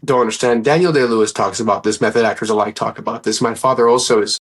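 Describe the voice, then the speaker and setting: A man's voice: mid-range voice, steady tone, quick pace, husky. Man, interview guest, earnest, rambling, casual storytelling. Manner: earnest, rambling, acts out quoted dialogue.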